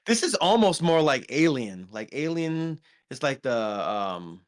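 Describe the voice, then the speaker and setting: A man with a mid-range voice co-hosts a podcast, chatting casually about movies. His pitch swings widely, and he talks a little slowly and smoothly, rambling with lots of ums and restarts.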